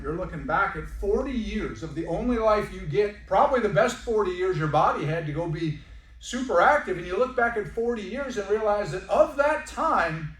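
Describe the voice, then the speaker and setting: A man gives a sales pitch to a room full of guests. He talks in a folksy, joking way and says "y'all." His voice sits a little high and sounds roomy, with the mic set back from him. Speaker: timeshare sales presenter. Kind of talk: sales pitch to a live audience. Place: presentation room. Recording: echoey room, mic at a distance.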